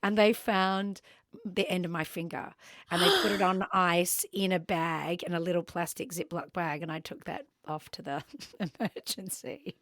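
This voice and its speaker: An Australian woman co-hosting a podcast, telling a story in an animated way with lots of ums and acted-out voices. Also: on the low side, moderate pace, no echo, studio quality. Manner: animated, acts out the people in her story, frequent ums. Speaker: podcast co-host. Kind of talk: casual storytelling chat.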